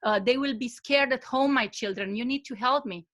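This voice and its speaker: A woman voicing a frightened young mother who pleads slowly for help in a spoken story. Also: fairly high pitch, a bit bright, natural voice. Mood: pleading. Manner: pleading, slow.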